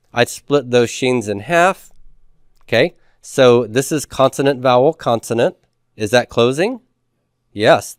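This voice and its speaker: Man, lecture style, patient and repetitive, smooth resonant voice, dry recording. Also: medium pitch, no room sound. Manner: patient, repeats key points, checks understanding with "okay?". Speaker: Hebrew grammar teacher. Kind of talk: classroom lecture.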